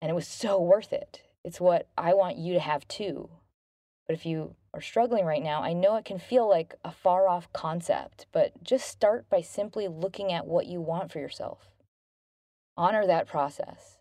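A woman in her thirties hosting a self-help podcast, talking gently and earnestly about relationships. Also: lowish voice, moderate pace, no room sound, clean studio sound. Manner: gentle, earnest, bubbly when thanking listeners. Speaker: podcast host.

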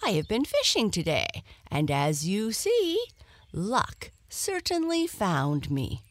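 A woman's voice: mid-range voice, huge pitch swings, takes it slowly. A woman voicing a sly male fox in a storybook tale, coaxing and persuasive. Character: sly, smooth-talking male fox trickster.

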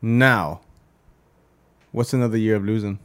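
A man's voice: lowish voice, unhurried, smooth. A man in casual sports chat, arguing his point in a teasing, persuasive way.

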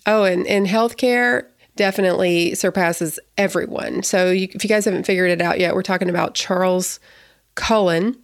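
Chatty, excitable woman podcast host. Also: fairly low pitch, moderate pace, no room sound, clean studio sound. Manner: chatty, excitable, rambling with restarts. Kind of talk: casual podcast chat.

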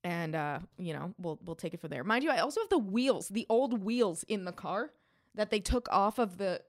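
A young woman co-hosting a podcast, telling a long story in a casual, animated way, swearing often and acting out what people said. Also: medium pitch, moderate pace. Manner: animated, profane storytelling with quoted voices. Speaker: podcast co-host.

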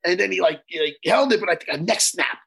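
A man co-hosting a casual chat, excitedly retelling a movie scene, swearing freely and breaking into loud laughter. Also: sits high, fast talker, vocal fry, slightly rough. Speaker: podcast co-host.

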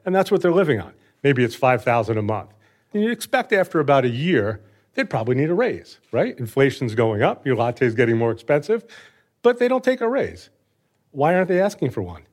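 A man in his fifties, a financial advisor competing on a quiz show, explaining his point confidently in plain, steady terms. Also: mid-range voice, fairly quick. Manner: confident, explanatory, light chuckles.

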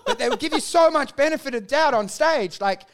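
High-voiced Australian man, profane and animated. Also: brisk, creaky. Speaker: stand-up comedian. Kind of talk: casual podcast chat.

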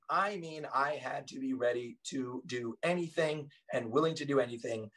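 A man's voice: mid-range voice, moderate pace, hardly any pauses, fairly bright tone, recorded from a distance, poor audio. A man, a former police officer, telling stories as a podcast guest in an earnest, emphatic way. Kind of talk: casual storytelling conversation.

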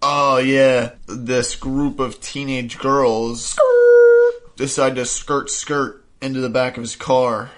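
Male co-host, casual chat, quippy sidekick, mid-pitch voice. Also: little pitch movement, slow, a bit bright. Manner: joking, chiming in with quips. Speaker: podcast co-host. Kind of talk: casual chat recapping a show.

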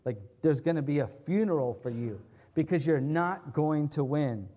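A man's voice: fairly high pitch, lively intonation, normal speed, mellow, muffled recording. A man preaching an expository sermon in a conversational, earnest way, often checking in with his listeners and restating his points. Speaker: pastor.

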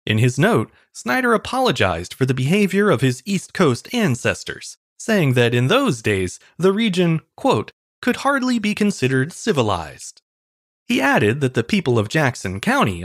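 A man's voice: on the high side, a bit bright, no room sound, clean studio sound. A man hosting a history podcast, reading a scripted story in a wry, storytelling way. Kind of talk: scripted narration.

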